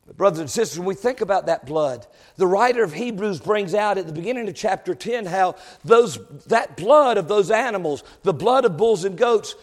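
A man with a high voice preaches a fiery sermon, building from steady explanation to ringing shouts. He wears a lapel mic, and his voice trails off into the long echo of a big church hall. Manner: impassioned, swells into shouted exclamations. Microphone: lavalier.

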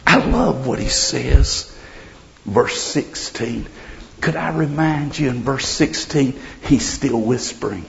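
A man preaching a sermon, swinging between loud declarations and hushed whispers. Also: medium pitch, expressive, slow, gravelly. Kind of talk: revival sermon. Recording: dull lo-fi recording.

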